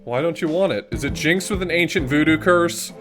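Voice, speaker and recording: A woman voicing a cheeky young male pirate hero in a mock Cockney accent, loud and mock-earnest. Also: sits low, expressive, fairly quick, over music, voice pushed up. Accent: mock Cockney English.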